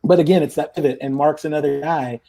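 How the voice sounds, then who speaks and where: Over a remote call with a headset or headphones, a man guesting on a live podcast chats casually, rambling and often restarting. His slightly high voice is gravelly and dark, steady in tone and fast.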